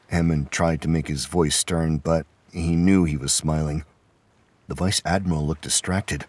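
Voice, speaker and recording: Male narrator for an audio drama, low and a touch husky, steady delivery. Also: moderate pace. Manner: steady storytelling, voices characters lightly.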